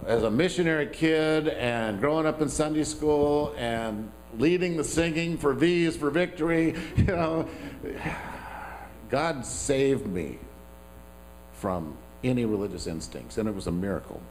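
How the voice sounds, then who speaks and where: A man's voice: mid-range voice, lively intonation, unhurried, a little mellow, slight background noise, low-quality recording. Conversational male pastor preaching. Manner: conversational, self-deprecating, with asides. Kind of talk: sermon.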